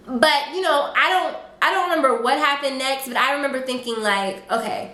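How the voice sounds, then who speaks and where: A young woman vlogger telling a casual storytime, chatty and animated, full of fillers and quoted asides. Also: high voice, fairly quick. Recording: echoey room.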